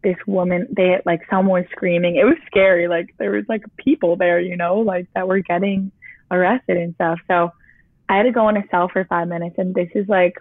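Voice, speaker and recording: A young woman tells her own story in a loose, chatty flow, leaning on "like" every few words. Her voice sits a little low. The audio is tinny and dry, as if heard down a phone line with no room around it. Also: no echo. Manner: chatty, peppered with "like". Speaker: guest sharing her testimony. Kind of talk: casual personal storytelling.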